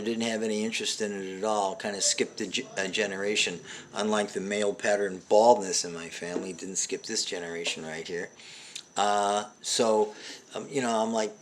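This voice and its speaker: A middle-aged man hosting a comedy show, telling a rambling deadpan monologue full of fillers and restarts. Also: fairly low pitch, slight background noise.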